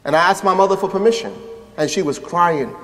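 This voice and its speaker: Guy, imam, high voice, tells his story in a lecture, acts out voices, big echoey hall. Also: brisk, soft background music. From United States. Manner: animated, acts out quoted voices. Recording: echoey hall with long reverb.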